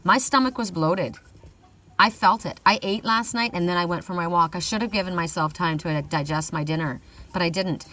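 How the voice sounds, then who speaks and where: A woman's voice: fairly low pitch, moderate pace, a bit bright, far from the mic, rough recording. A middle-aged woman giving a casual oracle card reading, chatty, often laughing, whooping and swearing.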